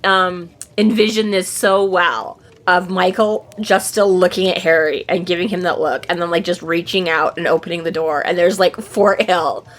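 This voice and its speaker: A woman's voice: fairly low pitch, fairly even intonation, normal speed, hardly any pauses. A woman co-hosting a podcast in casual, rambling chat, talking animatedly, laughing often and swearing freely. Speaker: podcast co-host. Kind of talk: casual rambling book discussion.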